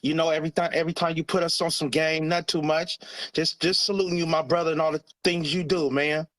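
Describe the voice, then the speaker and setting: A man's voice: on the high side, level tone, fast, a bit bright. A man calling in to a live stream, friendly and respectful, offering praise and salutes. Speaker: caller. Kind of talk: live call-in.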